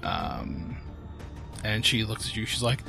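A man's voice: on the low side, takes it slowly, creaky, sharp tone, soft background music. A man narrating as game master of a tabletop game, loose and hesitant with many fillers.

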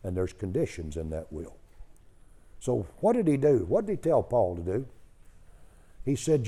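Folksy preacher with a lively voice. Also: male voice, mid-range voice, moderate pace, pauses often. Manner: folksy, emphatic storytelling. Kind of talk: sermon.

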